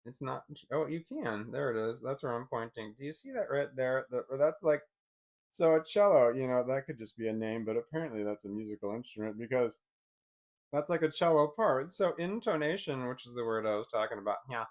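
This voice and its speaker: Man, casual screen-share commentary, frustrated muttering, frequent swearing, mid-pitched voice. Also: expressive, brisk. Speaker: vlogger.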